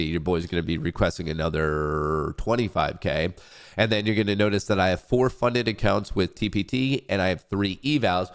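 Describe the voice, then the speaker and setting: A young man hosting a casual trading livestream, congested and stuffy-nosed, rambling and joking about himself between updates. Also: deep voice. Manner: rambling, joking, self-hyping. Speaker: livestream trading show host.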